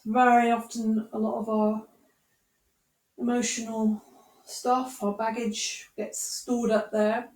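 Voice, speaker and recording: A woman guiding a yoga class with gentle, encouraging, unhurried instructions. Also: fairly high pitch, little pitch movement. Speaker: yoga teacher. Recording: echoey room, voice from far off.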